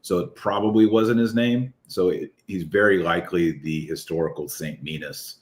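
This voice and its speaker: A man with a deep voice, talking as an author guest in an enthusiastic, rambling podcast chat. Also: moderate pace. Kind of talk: casual podcast conversation.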